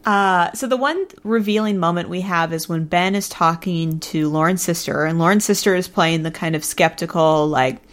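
Brief: female podcast co-host, lowish voice, chatty recapper. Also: normal speed, few pauses. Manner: recapping, quoting people in put-on voices. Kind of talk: casual chat.

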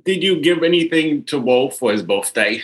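A woman's voice: low voice, expressive, moderate pace, crowd noise, poor audio. A woman calling in to a comedy game over a video call, playful and giggly, putting on comic baby talk. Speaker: caller.

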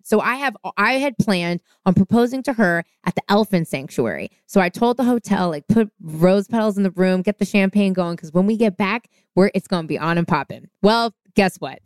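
A woman in casual storytelling mode, lively and animated, slipping into the voices of the people she quotes. Her tone is smooth and clear, and it sits close and dry on a studio mic with no room sound. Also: mid-range voice, normal speed, few pauses, dry recording. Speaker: podcast guest.

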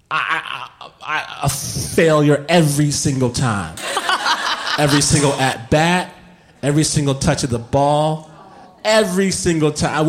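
A man, a guest on a live podcast, telling a story on stage, laughing often and shouting the lines he quotes. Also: fairly high pitch. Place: live stage before an audience. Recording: live show with audience noise.

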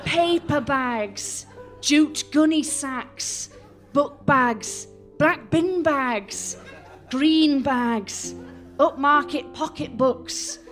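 Woman telling an absurd story deadpan. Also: high voice, very slow, faint music behind. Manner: deadpan, absurd comic narration. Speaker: comedian narrator. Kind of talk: live comic storytelling. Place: live stage at a festival.

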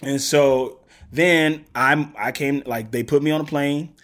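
A man's voice: a little high, measured pace. A man in his thirties from the Gulf Coast South, telling stories as a podcast guest and acting out what people said. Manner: animated storyteller, acts out quotes. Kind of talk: casual storytelling interview.

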